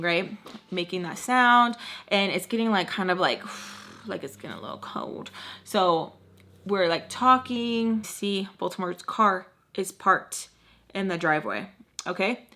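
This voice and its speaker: A woman's voice: lowish voice, bright, forceful tone, slight background noise. A young adult woman vlogger casually telling a personal story, chatty and full of fillers. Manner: chatty, filler-heavy, acts out quoted dialogue.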